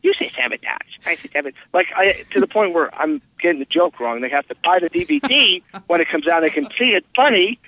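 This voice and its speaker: A man, an actor guest, telling animated stories and acting out quotes in a casual interview. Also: brisk, few pauses, no echo. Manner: animated storyteller, acts out quotes with big pitch jumps. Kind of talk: casual phone interview storytelling. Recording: tinny phone line.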